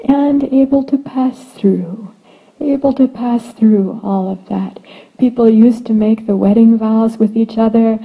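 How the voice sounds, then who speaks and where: A woman giving a relaxed dharma talk as a meditation teacher, laughing often and slipping in playful asides. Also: a little high, a little slow, slightly rough, phone-quality sound.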